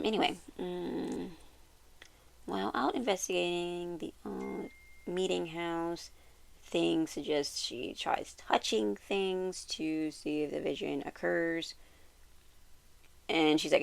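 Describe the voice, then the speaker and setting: A woman giving a casual, rambling recap of a TV series, full of "like" fillers and quick self-corrections. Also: fairly low pitch, gravelly. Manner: quotes characters with animated bursts and laughs. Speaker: YouTuber reviewing a TV series. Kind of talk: casual episode recap and commentary.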